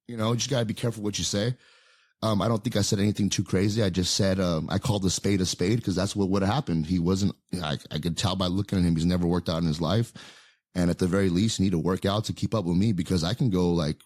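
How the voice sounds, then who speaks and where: A man's voice: low voice, a little mellow, dry recording, studio quality. A man in his thirties telling a story in casual podcast chat, rambling with many fillers and restarts. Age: 30s. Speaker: podcast co-host.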